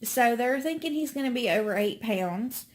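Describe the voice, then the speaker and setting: A woman's voice: on the high side, animated, normal speed. Chatty pregnant woman vlogging. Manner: chatty, many fillers and restarts. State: out of breath. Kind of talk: casual pregnancy update.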